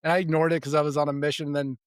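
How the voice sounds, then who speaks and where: Racing through personal stories as a podcast guest, a spiritual development coach in his forties speaks in a smooth, slightly high voice with flat delivery. He's casual, frequently restarts and repeats words, and chuckles between sentences, captured in a dry, studio-quality recording.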